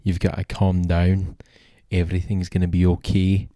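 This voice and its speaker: A man's voice: low-pitched, completely flat delivery, warm tone, dry recording, studio quality. A man putting on a soothing Scottish meditation guide. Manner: soothing, slow guided breathing instructions.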